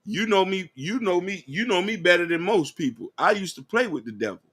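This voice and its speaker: A man's voice: high voice, expressive, fairly quick, fairly bright tone, breathy edge. A man co-hosting a podcast in casual debate, preachy and insistent as he argues. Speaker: podcast co-host.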